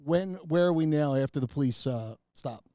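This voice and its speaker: A man's voice: on the high side, normal speed, dark tone, no room sound. A man co-hosting a podcast in casual chat, cutting in with eager, prodding questions. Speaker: podcast co-host.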